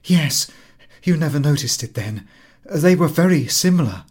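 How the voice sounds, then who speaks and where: A man's voice: medium pitch, a little slow, husky. A man reading a story, voicing a worn working woman hardened by poverty, who speaks plainly and earnestly. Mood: proud.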